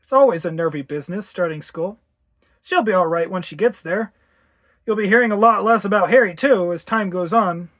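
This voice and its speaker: Reader voicing a husband and father, firm, caring, loud and emphatic, audiobook ghost story. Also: sits high, fairly quick. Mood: reassuring. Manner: teasing, then sharply firm.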